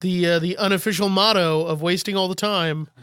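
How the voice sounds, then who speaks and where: A man's voice: high voice, steady tone, fairly quick, a bit bright, clean tone. A man co-hosting a comedy podcast, making dry, wry remarks. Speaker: podcast co-host. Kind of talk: casual chat, improv comedy.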